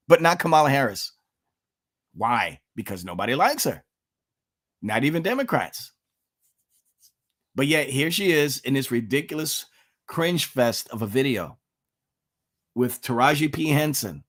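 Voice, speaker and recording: A man hosting his own channel, giving an opinionated commentary monologue, emphatic and full of rhetorical questions with sudden jumps in pitch. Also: fairly bright tone. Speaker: political commentator, channel host.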